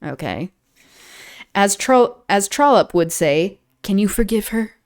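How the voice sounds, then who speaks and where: Streamer reading aloud, smooth clear voice, trips on words, drops in chatty asides. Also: female voice, medium pitch, lively intonation, measured pace. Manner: stumbles and restarts on words, laughs at own slips; breaks off into chatty commentary. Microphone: streaming setup.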